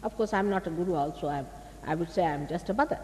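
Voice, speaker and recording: A woman with an Indian accent, working as a spiritual teacher, speaks fast in a lowish, darkish voice. She gives an emphatic public talk in a large hall, rebuking her listeners and asking them rhetorical questions. The recording is old archive tape, echoey with a faint hiss.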